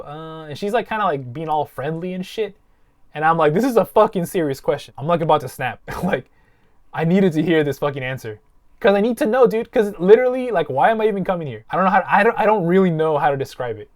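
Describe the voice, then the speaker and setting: A man hosting a podcast, telling a long story in casual, profane chat. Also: fairly high pitch. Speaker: podcast host.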